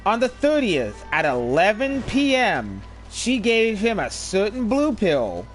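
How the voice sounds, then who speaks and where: A man streaming a video game, telling stories casually in an animated, profane way. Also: sits high, slow, faint music behind. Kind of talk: casual chat while gaming.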